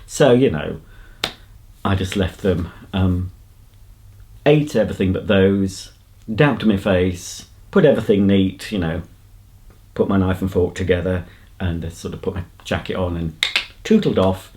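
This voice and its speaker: A man's voice: sits low, a little slow, pauses often, darkish tone, slight background noise. Rambling English man, casual vlog. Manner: rambling, chatty storyteller. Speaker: vlogger. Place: outdoors on a countryside path.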